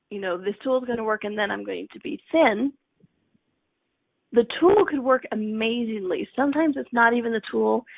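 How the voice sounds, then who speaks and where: A woman coach talks on a live stream in a chatty way and acts out each quote. Her voice is gravelly and a little breathy, and it sits a bit high. The sound is dry and tinny, like a phone line. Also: no room sound. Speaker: life coach.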